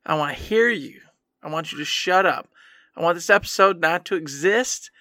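Bright-voiced man scolding himself. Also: moderate pace, no echo, clean studio sound. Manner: mock self-scolding, mimics his past self in a high whiny voice. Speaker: podcast co-host. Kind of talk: casual podcast chat.

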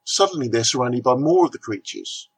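A man presenting a comic review segment, reading a script in a steady, measured way. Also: mid-range voice, slight background noise.

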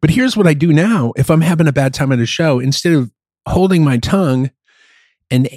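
A man's voice: on the high side, animated, a little fast, a little mellow, dry recording, clean studio sound. A middle-aged man, a gigging musician, talking candidly and profanely in a casual podcast chat, often mocking himself. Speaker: musician who plays gigs.

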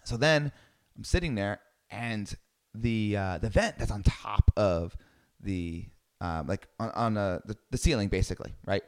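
A man telling a personal travel story in a lively way, acting out the people he quotes. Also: lowish voice, unhurried, smooth. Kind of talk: storytelling talk.

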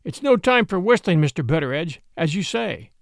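A man voicing a shrewd, calm middle-aged police sergeant in an audiobook, measured and quietly insistent. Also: a little high, creaky, no echo, studio quality. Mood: firm.

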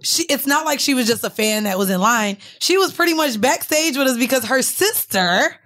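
A woman with a slightly high voice co-hosts a podcast in loose, casual chat. She is blunt and profane, and she teases her partner. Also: animated, normal speed, a bit bright. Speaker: podcast co-host.

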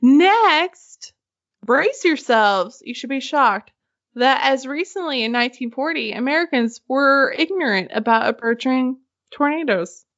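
A woman's voice: sits high, expressive, unhurried, a bit bright, highs cut off. A woman hosting a podcast in casual chat, chatty and giggly, swearing casually. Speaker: podcast host.

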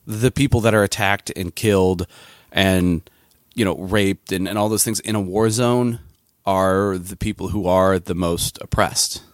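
Deep-voiced man in impassioned commentary. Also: dry recording, clean studio sound. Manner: impassioned, with frequent restarts and fillers. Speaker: podcast co-host. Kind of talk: political commentary podcast.

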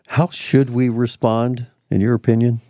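A man hosting an interview, affirming his guest in a measured way with filler pauses. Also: mid-range voice, little pitch movement, mellow. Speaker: interview host. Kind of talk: conversational interview.

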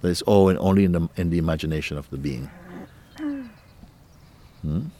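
A male spiritual teacher speaking to a listener in a gentle, playful way, laughing often and using nonstandard English grammar. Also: low voice, moderate pace, a little hiss or hum. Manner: gentle, playful, laughs often, repeats "you see" and "huh".

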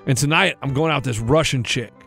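A man's voice: quick pace, a bit bright, faint music behind. A man co-hosting a casual podcast, retelling an overheard conversation and dropping his voice to mimic the people in it. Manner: retells overheard talk with lowered-voice impressions. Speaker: podcast co-host. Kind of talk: casual chat, storytelling.

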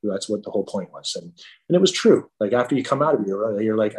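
Middle-aged male guest, lowish voice, halting heartfelt storyteller, restarts a lot. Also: expressive, darkish tone. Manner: halting, many restarts and fillers. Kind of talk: emotional storytelling in conversation.

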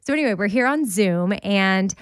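A woman's voice: medium pitch, lively intonation, moderate pace, clear, resonant tone, no room sound, studio quality. A woman with a Southern US accent, co-hosting a casual podcast chat over a video call and laughing often. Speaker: podcast co-host. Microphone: remote video call.

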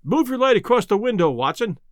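A man reading aloud, voicing a stern, commanding young gentleman baronet who demands answers. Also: high-pitched, very animated, normal speed, dry recording, clean studio sound.

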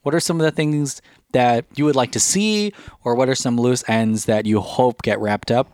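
A man's voice: mid-range voice, normal speed, a little mellow, no echo, clean studio sound. A man co-hosting a podcast, talking casually in a rambling, jokey way. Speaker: podcast co-host. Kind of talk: casual chat.

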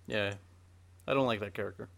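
Guy griping about an anime, rambles and trails off, flat dry sound. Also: on the low side, brisk, vocal fry, no echo. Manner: blunt, rambling, critical. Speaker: podcast co-host. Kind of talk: casual anime chat.

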